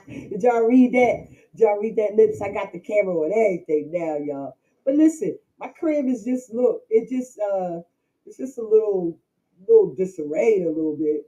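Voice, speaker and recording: A woman's voice: mid-range voice, warm tone, highs cut off. A woman hosting a casual livestream from home, talking straight to her chat, laughing often and repeating herself. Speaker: livestream host.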